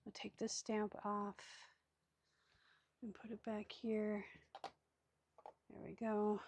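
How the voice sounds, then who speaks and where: A woman's voice: medium pitch, completely flat delivery, takes it slowly, a little mellow, slightly rough, no echo. A woman hosting a casual crafting video, chatty and self-mocking, often dropping to a murmur as she works. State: hiccups. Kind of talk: casual craft tutorial chat. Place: craft table indoors.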